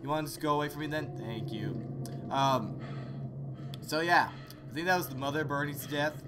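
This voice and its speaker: A man hosting horror let's-play commentary, joking sarcastically and yelling in fright. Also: a little high, moderate pace, over music. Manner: excitable, jokey, sarcastic, screams in fright. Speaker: gaming channel host.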